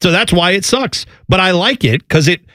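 A man chatting casually on a podcast, telling rambling, animated stories. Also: high-pitched, moderate pace, no room sound, studio quality. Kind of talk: casual chat.

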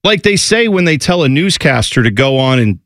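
A man from Central Ohio co-hosting a casual chat show, animated and quick to slip into mocking put-on accents. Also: on the high side, no room sound, studio quality. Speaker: podcast co-host.

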